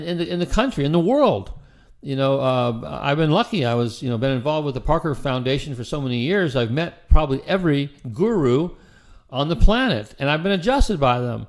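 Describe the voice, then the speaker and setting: Man, middle-aged, fairly high-pitched voice, casual instructional talk, conversational, frequent restarts. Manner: conversational, repeats words and restarts, acts out quoted dialogue. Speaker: chiropractic practice coach.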